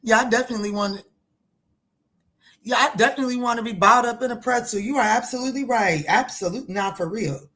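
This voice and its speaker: A woman's voice: a little high, quick pace, fairly bright tone. Playful, chatty middle-aged woman. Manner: chatty and playful, laughs often, talks back to the chat. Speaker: tarot reader. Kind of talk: casual livestream chat.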